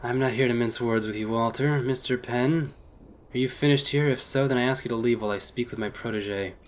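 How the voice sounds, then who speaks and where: A man's voice: medium pitch, a little fast, lightly acted. A man voicing a stern, curt male mentor in a visual novel game, speaking bluntly.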